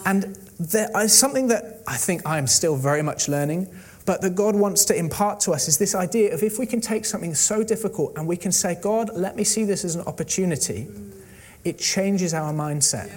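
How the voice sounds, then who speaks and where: Preacher with a raised voice. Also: male voice, high voice, fairly quick. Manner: animated storytelling, quotes characters in his own voice. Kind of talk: sermon.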